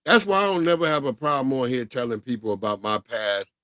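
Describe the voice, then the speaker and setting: A man's voice: mid-range voice, big pitch swings, fast talker, sharp tone, no echo. A man from the United States hosting a livestream in casual chat, blunt and laid-back with rambling opinions. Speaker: livestream host.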